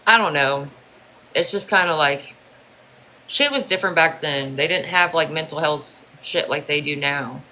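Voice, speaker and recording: A man talks straight to his livestream viewers in a loose, unscripted way. He is blunt and profane, and his sentences trail into fillers. His voice has a bright, sharp edge with a faint hiss of noise behind it. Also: a little high, normal speed, low-quality recording. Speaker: livestream host. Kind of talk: casual chat to viewers.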